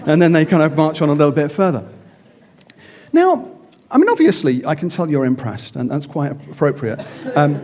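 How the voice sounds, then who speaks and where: A man's voice: fairly high pitch, very animated, a little fast, a little mellow. A middle-aged man telling a self-mocking story in a theatrical, sermon-like style. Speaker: speaker.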